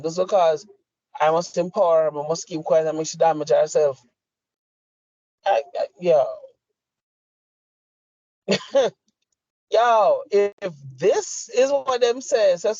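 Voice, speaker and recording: A man's voice: high voice, darkish tone, no room sound. A middle-aged man with a Jamaican accent, a podcast co-host delivering a heated, profane, emphatic rant. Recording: dry, slightly muffled lo-fi audio.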